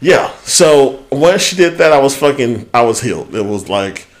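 A man co-hosting a podcast, telling a story in casual chat, animated and swearing freely as he goes. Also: mid-range voice, moderate pace. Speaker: podcast co-host.

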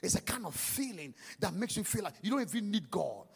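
A male pastor preaching a sermon to a congregation in a church, swinging from hushed lines to shouted, sing-song emphasis and calling for claps. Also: sits high, sing-song, a little fast, gravelly, slightly rough. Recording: long church hall reverb.

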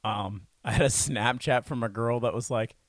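A young man in his twenties, a podcast co-host, telling animated, rambling stories in casual chat. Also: medium pitch, normal speed, no room sound, studio quality. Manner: rambling, animated anecdotes with put-on quotes.

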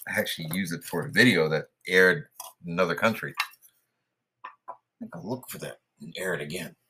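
A man's voice: low voice, brisk, pushed and bright, breathy edge. A man from New York hosting a podcast, talking casually with hesitations and fillers. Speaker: podcast host.

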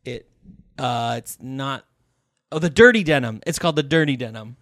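A man's voice: medium pitch, normal speed, fairly bright tone, no echo, clean studio sound. A young man co-hosting a casual chat, playful and jokey, laughing often.

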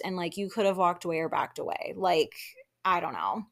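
A woman hosting a podcast, chatting casually through a recap of a reality TV episode with lots of "like" and quick laughs. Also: lowish voice, lively intonation, creaky, fairly bright tone. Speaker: podcast host.

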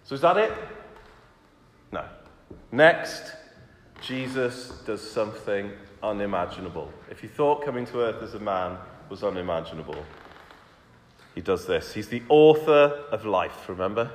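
Preacher in an echoey hall. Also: male voice, on the low side, lively intonation, unhurried, long pauses, a little hiss or hum. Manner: conversational preaching, rhetorical questions, drops to soft intimate tones. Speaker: church elder preaching. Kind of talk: sermon. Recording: echoey hall with long reverb.

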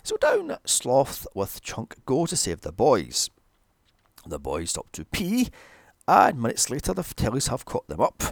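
A man's voice: mid-range voice, huge pitch swings, a little slow, vocal fry, no room sound, clean studio sound. A man giving a sarcastic, profane recap of a movie, mocking it with exasperation. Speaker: movie reviewer. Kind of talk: sarcastic comedic film recap.

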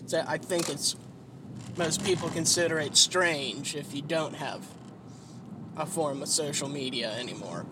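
Driving while exhausted, a man with a fairly high voice speaks at a measured pace in a loose, wandering monologue. Swear words and fillers pepper his speech, and vehicle noise from the road and engine runs underneath.

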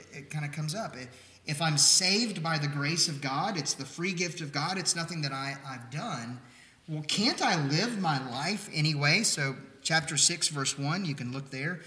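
A man's voice: fairly high pitch, echoey room, low-quality recording. A male pastor preaching a sermon, explaining scripture in a conversational way and punching key lines with strong emphasis. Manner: emphatic, rising to near-shouts on key lines.

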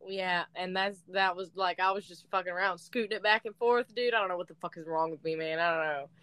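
A woman's voice: on the low side, fairly even intonation, quick pace, fairly bright tone, smooth, no room sound. Slangy, laughing young woman. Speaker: podcast co-host. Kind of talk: casual chat.

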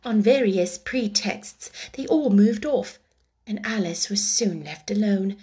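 A woman reading a children's book aloud, then chatting casually with animated, laughing asides. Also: medium pitch, takes it slowly, slightly rough. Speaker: storyteller.

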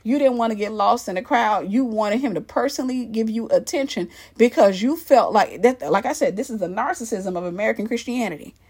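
A woman giving emphatic, animated commentary on church culture and acting out the people she mocks. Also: fairly high pitch, fairly quick, hardly any pauses, husky.

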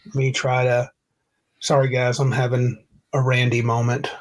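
Rambling man hosting a game podcast. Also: mid-range voice. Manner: rambling, self-correcting, reads rules aloud. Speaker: podcast host. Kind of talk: casual tabletop game chat.

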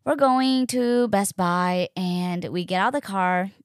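A young woman telling a personal story in a chatty, animated way, full of "like" and acted-out quotes. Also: medium pitch, a little slow, no echo, studio quality. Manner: animated, chatty, fills speech with "like", acts out quotes. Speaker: podcast host. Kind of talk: casual storytelling.

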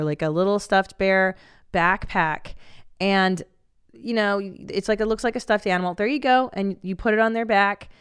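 A woman in her forties hosting a casual podcast for moms, blunt and profane, reacting loudly to stories. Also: mid-range voice, smooth, no room sound, studio quality. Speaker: podcast host. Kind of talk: casual chat.

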